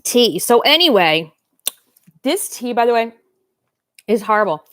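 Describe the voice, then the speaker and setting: A woman's voice: on the high side, sing-song, measured pace, fairly bright tone, no room sound. A woman, chatting on a livestream, rambling, reading comments aloud and talking while eating. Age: 50s. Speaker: doll-collecting livestream host. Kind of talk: casual livestream chat.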